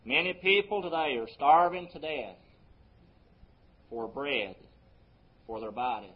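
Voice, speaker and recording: A man pastor preaching a sermon, his voice swelling on key words and dropping low between them. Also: expressive, a little slow, muffled recording. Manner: preaching with sweeping rises and drops in loudness.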